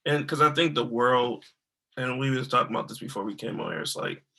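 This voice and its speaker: Man, bright forward voice, podcast host, opinionated, slangy, casual chat. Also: medium pitch, brisk, creaky.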